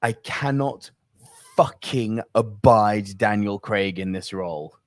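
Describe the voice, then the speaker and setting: A man's voice: fairly low pitch, takes it slowly, dry recording, clean studio sound. A young man co-hosting a movie podcast, ranting with plenty of profanity in casual chat. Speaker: podcast co-host.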